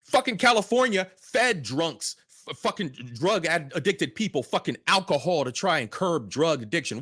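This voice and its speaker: A man's voice: a little high, animated, normal speed, hardly any pauses, bright, forceful tone, slightly rough, no echo, clean studio sound. A man hosting a reaction video, ranting angrily with heavy profanity. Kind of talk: angry ranting commentary.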